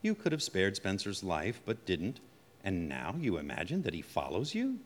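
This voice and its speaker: Cool probing shrink, measured and accusing, voice swoops a lot, echoey long reverb, old radio play. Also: male voice, sits low, wildly swooping pitch, exaggerated voice. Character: probing, calm psychiatrist doctor. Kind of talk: 1940s radio acting.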